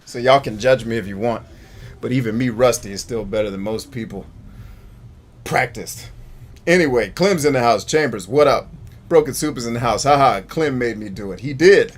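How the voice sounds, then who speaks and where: At a moderate pace and with lively intonation, a mid-range-voiced gaming streamer gives relaxed commentary, cracking jokes, wandering off topic and addressing his chat.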